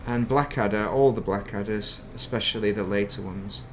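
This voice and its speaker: A man's voice: fairly low pitch, normal speed, slight background noise. A middle-aged man chatting casually while streaming a game, rambling and reminiscing and muttering to himself. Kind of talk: casual gaming stream chat.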